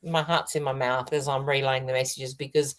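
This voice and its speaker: A woman's voice: a bass voice, little pitch movement, brisk. A middle-aged Australian woman co-hosting a casual chat, telling stories with frequent laughter. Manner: warm storytelling, laughs often. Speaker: co-host, medium.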